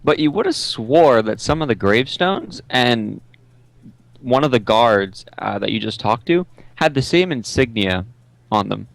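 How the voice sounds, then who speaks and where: A man narrating as game master in a tabletop game, halting with many ums and uhs. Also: medium pitch, animated, gravelly.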